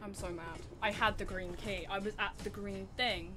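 A woman's voice: mid-range voice, steady tone, normal speed, over music. A young woman streaming a horror game from her desk at home, chattering anxiously, mocking herself and breaking into sudden screams. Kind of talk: live game commentary.

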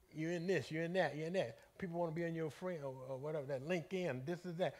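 A man leading a Bible study as bishop, preaching in an animated, folksy way and calling out to the congregation. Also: fairly high pitch, fast, few pauses. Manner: animated, conversational, calls out to the congregation; colloquial, folksy phrasing.

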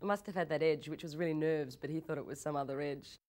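A young woman in an interview, telling anecdotes in a lively way, laughing often and restarting her sentences. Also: low voice. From Australia. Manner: animated storytelling, laughs often, quick repeated restarts. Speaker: actress interviewee.

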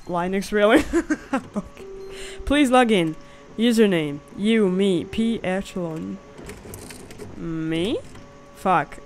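Female gameplay host, animated and unhurried, jokey and quick to curse at jump scares. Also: a little high, a little hiss or hum. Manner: jokey, swears and yelps when startled. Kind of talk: horror gameplay commentary.

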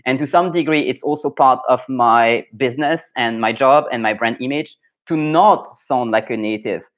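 A man's voice: mid-range voice, moderate pace, a bit bright. A young adult man with a French accent, a French pronunciation coach chatting through a live Q&A lesson, thinking aloud with many fillers and restarts.

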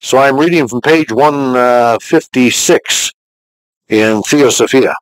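An older man giving a recorded teaching message as a pastor, talking in a fatherly, conversational way and reading scripture slowly. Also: mid-range voice, no echo, rough recording.

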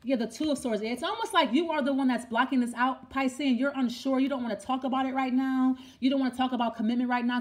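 A woman's voice: sits high, steady tone, fast, hardly any pauses. A woman giving a tarot reading in a rambling monologue, thinking aloud, repeating herself and asking the cards questions. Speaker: tarot reader.

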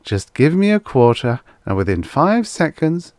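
A man voicing a smooth, winning male sales robot with a voice like a television announcer. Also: a little high, big pitch swings, unhurried, darkish tone, no room sound, studio quality, pitched above the performer's own voice. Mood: smooth pitch.

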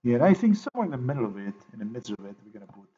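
A man talking to his viewers in a rambling, halting way while he edits a video, repeating himself and filling gaps with "you know". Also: medium pitch, very animated, mellow, slightly rough, muffled recording. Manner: repetitive, halting, thinks aloud with many fillers. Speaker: video maker.

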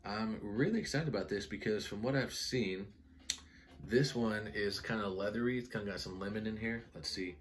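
A man casually reviewing perfumes in a vlog, excitable and rambling, full of "like" and "guys". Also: lowish voice, moderate pace, slight background noise. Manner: excitable, enthusiastic, rambling with many "like"s. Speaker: fragrance reviewer.

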